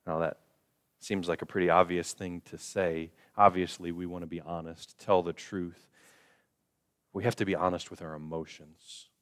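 A man with a low, smooth, resonant voice preaches a sermon in church. He drops to hushed, slow lines, then climbs loud and high for emphasis. He acts out what people in the pews would say. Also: flat delivery. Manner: acts out quoted voices of the congregation. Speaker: pastor.

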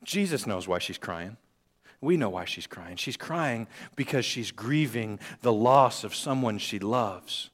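A man preaching a sermon, shifting between quiet and loud passages and joking with the congregation. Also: on the low side, lively intonation, measured pace. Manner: dynamic, swings from quiet to loud. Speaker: pastor.

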